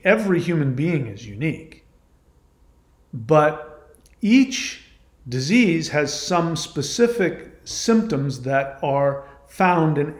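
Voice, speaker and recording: Man, channel host, talking monologue, emphatic, argumentative, raised pitch, roomy echo. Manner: emphatic, argumentative, repeats points. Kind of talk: monologue responding to a viewer comment. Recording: echoey room.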